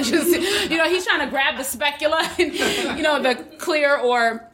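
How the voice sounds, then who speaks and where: A woman's voice: sits high, normal speed, a bit bright. A woman performing a stand-up comedy set, brash and profane, laughing often at her own jokes.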